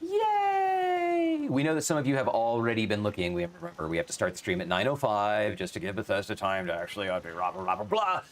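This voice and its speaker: A man's voice: lowish voice, sing-song, fast, hardly any pauses. An American man co-hosting a game livestream, chatting casually with playful, joking banter. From United States.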